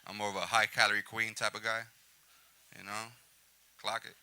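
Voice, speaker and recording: A man's voice: on the low side, level tone, moderate pace, pushed and bright, smooth. A man doing a stand-up set in a comedy club, chatting with the crowd between one-liners. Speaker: stand-up comic.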